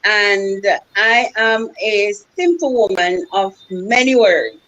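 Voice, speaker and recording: Relaxed woman guest introducing herself. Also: mid-range voice, takes it slowly, low-quality recording. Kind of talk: casual introduction on a live show.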